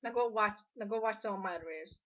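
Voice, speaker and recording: A woman's voice: medium pitch, rapid-fire. A woman with a sore throat delivering a blunt, lecturing commentary rant with casual profanity, recorded on a dull lo-fi mic. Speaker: online drama commentator.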